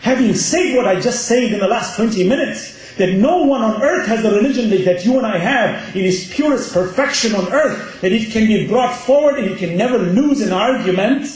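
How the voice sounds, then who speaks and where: A man's voice: sits high, lively intonation, moderate pace, darkish tone. A man giving a passionate Muharram sermon, driving his points home with rhetorical questions. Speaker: religious lecturer. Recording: very echoey hall.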